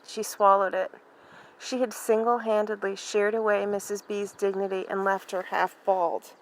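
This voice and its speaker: Woman, library read-aloud, novel, steady and even, mid pitch, faint noise. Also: normal speed, poor audio. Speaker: library reader.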